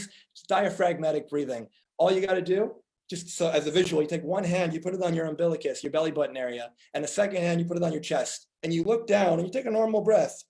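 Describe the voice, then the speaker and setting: A man's voice: fairly high pitch, mellow, low-quality recording. A man, a doctor, giving a conference talk, earnestly telling patient stories and acting out their dialogue.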